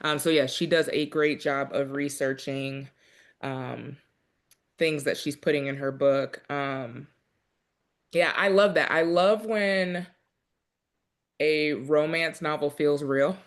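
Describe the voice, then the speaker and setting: A man with a slightly high voice hosts a casual book club chat. He talks in an easy, unhurried way, with lots of "um" and short pauses. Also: clean tone. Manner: relaxed, many fillers and pauses.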